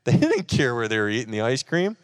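A man's voice: medium pitch, huge pitch swings, fairly quick, no echo, studio quality. A man, preaching at a church service and animatedly acting out his own frustration while telling a personal story. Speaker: pastor.

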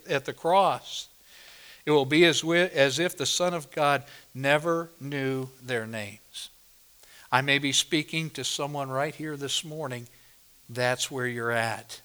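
A man's voice: fairly high pitch, pushed and bright, clean tone. A male pastor preaching a sermon at a church service, emphatic and driving home points by repeating phrases.

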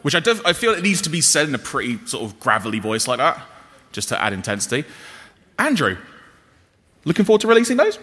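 A man presents announcements on a convention panel in an upbeat, playful way. His bright voice moves a lot in pitch and echoes in a long hall reverb with faint hiss. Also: sing-song, fast talker, pauses often, slightly rough. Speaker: panel host.

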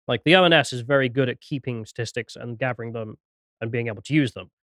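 A man's voice: mid-range voice, fast, fairly bright tone, no echo, clean studio sound. A young British man hosting a casual podcast, chatty and self-mocking, often laughing at himself. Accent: British English. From Britain. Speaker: podcast host.

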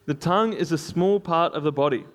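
A man's voice: on the high side, a little fast. A man preaching a sermon in a conversational way, with frequent fillers and small laughs.

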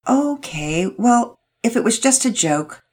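A woman's voice: a little high, very animated, unhurried, a little mellow, voice pushed up. A woman voicing a touchy young girl, defensive and then hesitant. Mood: hurt.

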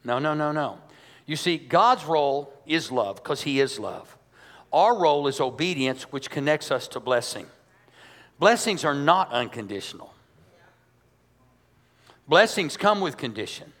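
Male pastor, high voice, emphatic conversational sermon, long church-hall reverb. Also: animated, measured pace, long pauses, fairly bright tone. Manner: emphatic, conversational preaching with rhetorical questions.

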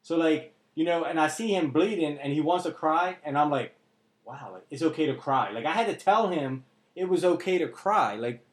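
Earnest man talking candidly, roomy echo. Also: fairly high pitch. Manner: earnest, emotional, blunt with swearing. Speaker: podcast co-host. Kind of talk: candid podcast conversation.

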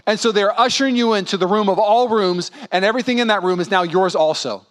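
Pastor, male, 30s, sermon delivery, high voice, lively storytelling with voiced quotes. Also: fast talker. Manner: animated, acts out voices in quotes.

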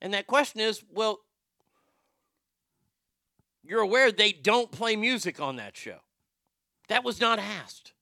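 Male host, sharp bright tone, ranting and cursing through stories. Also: high voice, expressive, takes it slowly, gravelly, pauses often, dry recording, studio quality. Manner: profane, ranting, fired-up storytelling. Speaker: radio show host. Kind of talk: talk show rant.

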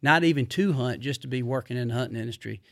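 A middle-aged man, telling rambling stories in a casual, animated way, full of fillers. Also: medium pitch, fast, creaky, no room sound, clean studio sound. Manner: rambling, animated, drawling Southern speech with repeated fillers. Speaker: podcast guest. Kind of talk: casual storytelling.

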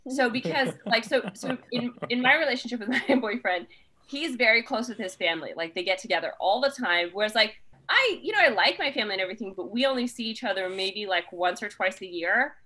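A woman hosting a podcast in casual chat, reading out listener questions and weighing in with strong opinions. Her voice is bright and swings widely in pitch, and she laughs often as she talks. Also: expressive, fairly quick. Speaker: podcast host.

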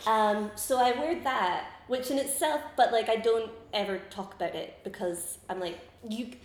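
A woman in her twenties chatting casually in an interview, rambling and giggling through animated stories. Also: on the high side, normal speed, echoey room. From Scotland. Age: 20s. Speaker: comedian guest.

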